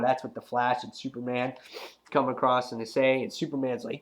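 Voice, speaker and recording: A young man with a cold, reviewing a comic book in a rambling, slangy, excitable way. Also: medium pitch, moderate pace. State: has a cold. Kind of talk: casual video review.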